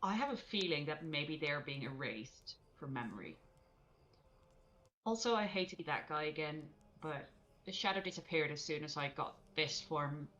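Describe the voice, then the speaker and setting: Woman at a d&d table, low voice, chill and rambly, thinks out loud. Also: animated, moderate pace, highs cut off. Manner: casual, laughing, thinking aloud with fillers. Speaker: player. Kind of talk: playing a tabletop game.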